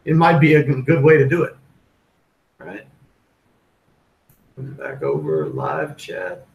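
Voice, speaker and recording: A man's voice: mid-range voice, huge pitch swings, slow pace, echoey room, muffled recording. A man hosting a live crypto stream in a casual, rambling way, with plenty of fillers and restarts. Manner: rambling, loose, with many fillers.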